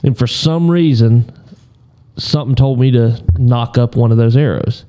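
A man on a podcast telling a hunting story in a relaxed, rambling way, often clearing his throat. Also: medium pitch, moderate pace. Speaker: podcast co-host.

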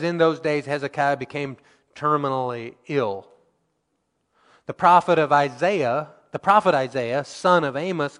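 A male preacher with a somewhat high voice delivers a sermon. He reads scripture and acts out the quoted lines, rising to emphatic peaks and then dropping to quiet asides. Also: in a large hall.

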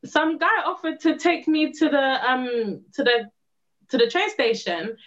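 A woman's voice: high-pitched, a little slow. Laughing young woman telling a story. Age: young adult. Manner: laughs often, animated and self-dramatizing. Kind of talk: casual storytelling. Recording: slightly dull lo-fi sound.

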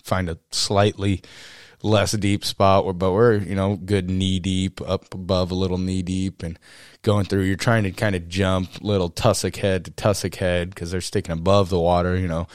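Low-voiced man telling a hunting story. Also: little pitch movement, moderate pace, smooth, no room sound, clean studio sound. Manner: rambling, lots of fillers and "you know". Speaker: podcast co-host. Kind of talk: casual storytelling.

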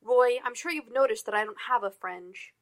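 A woman voicing a fussy, excitable male computer nerd, speaking in a prim, eager way. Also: on the high side, normal speed, close to an everyday voice.

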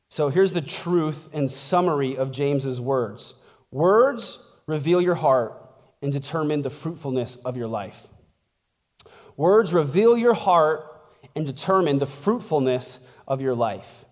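Male pastor, high voice, casual laid-back sermon, laughs often, long church echo. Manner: chatty, laughing, lots of "like" and "right?".

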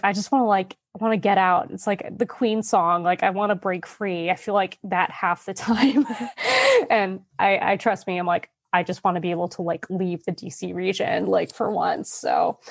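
A woman in her thirties from Northern Virginia chats casually and laughs often. Her talk is full of "like". The sound is close and dry, with no room echo. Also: medium pitch. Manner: chatty, laughs often, many "like" fillers. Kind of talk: casual chat.

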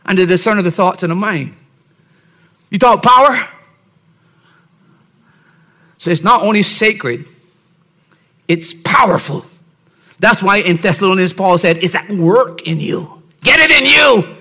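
Man preaching a sermon, fairly high voice, goes quiet then shouts his points, keeps saying see?. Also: lively intonation, moderate pace, long pauses. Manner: emphatic preaching, swings from soft asides to shouted points; keeps checking on listeners with "See?". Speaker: pastor.

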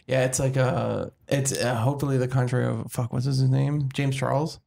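A woman's voice: very deep voice, steady tone, moderate pace, creaky, dark tone. A woman co-hosting a podcast in casual chat, making dry, blunt comments. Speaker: podcast co-host.

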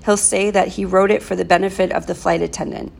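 A woman voicing a calm, deliberate middle-aged father who speaks in a measured, quietly firm way. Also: lowish voice, creaky.

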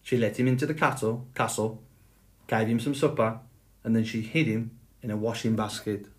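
A man reading a fairy tale aloud in a slow, measured storytelling manner. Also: fairly low pitch, fairly even intonation. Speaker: storybook reader. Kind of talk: scripted fairy tale narration.

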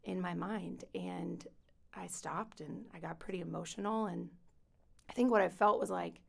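A woman guest, a teen minister, telling a personal faith story on a podcast in a soft, reflective way with pauses. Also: lowish voice, fairly even intonation, gravelly, husky.

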